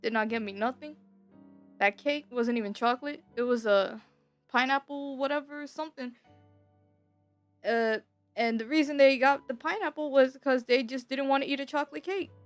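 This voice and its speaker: A young woman telling a personal story in a casual, rambling way. She swears freely, repeats herself, and gets louder when she is upset. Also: sits high, normal speed, faint music behind. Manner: bitter and emotional, voice rising when upset. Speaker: streamer.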